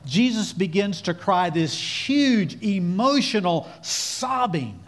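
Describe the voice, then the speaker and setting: A man delivers a sermon with earnest, urging conviction. His voice sits fairly high for a man. He drives his points home and has the congregation repeat them back. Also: big pitch swings, slow, hardly any pauses. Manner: earnest, exhorting, calls on listeners to repeat after him. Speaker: preacher.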